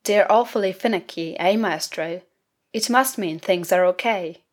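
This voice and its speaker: A woman's voice: mid-range voice, moderate pace, natural voice. A woman voicing an eager young village boy in a storybook reading, who chatters in a stream of anxious questions. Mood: chattering.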